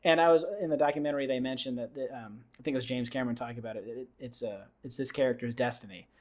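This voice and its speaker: A man on a podcast, excitedly retelling a film scene by scene, with lots of fillers and restarts. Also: mid-range voice, very fast. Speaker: podcast host. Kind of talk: casual podcast chat.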